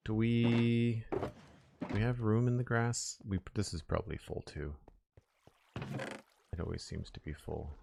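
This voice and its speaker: Against a noisy background, a man with a creaky, lowish voice speaks unhurriedly with long pauses. He's streaming a building game, casually and relaxedly chatting with his viewers as he builds.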